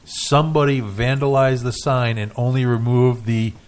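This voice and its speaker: A man co-hosting a casual radio show in a studio, talking in halting restarts with dry jokes. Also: medium pitch, steady tone. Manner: hesitant, restarts often, dry joking.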